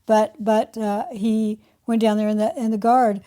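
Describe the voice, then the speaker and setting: A woman's voice: fairly high pitch, fairly even intonation, a little slow, warm tone. A woman co-hosting a talk podcast, chatting casually and telling anecdotes. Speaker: podcast co-host. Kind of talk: casual conversational commentary.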